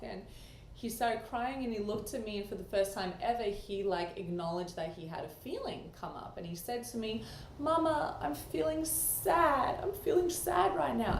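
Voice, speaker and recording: Animated woman in an echoey room. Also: medium pitch. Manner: animated, acts out quoted dialogue. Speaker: co-host. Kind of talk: casual chat. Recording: echoey room, faint background noise.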